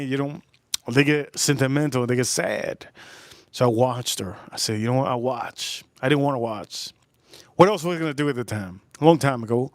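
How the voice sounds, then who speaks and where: A man's voice: medium pitch, no echo, studio quality. A man hosting a livestream, telling a rambling, crude story in a casual way and repeating himself as he goes. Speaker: livestream host.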